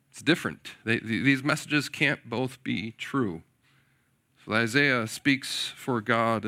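A man in his forties, a pastor preaching a sermon in an animated way, often putting questions to his listeners. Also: medium pitch. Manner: animated, asks the audience questions, often says "right?".

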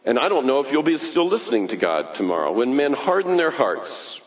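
A man preaching a sermon, building points through repetition, his voice rising high and then dropping low and quiet. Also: sing-song. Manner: deliberate, repetitive preaching with wide swings in pitch and loudness. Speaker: pastor.

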